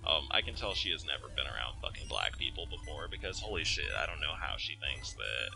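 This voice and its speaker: A man's voice: very deep voice, big pitch swings, quick pace, creaky, music in the background, low-quality recording. A young man hosting a let's play, venting in casual, profane gameplay commentary.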